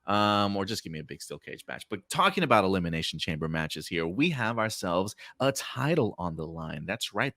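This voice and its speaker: A man's voice: fairly low pitch, fairly bright tone, no room sound, studio quality. A man hosting a casual prediction podcast, talking in a laid-back, rambling way with many fillers. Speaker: podcast host. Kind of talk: casual chat.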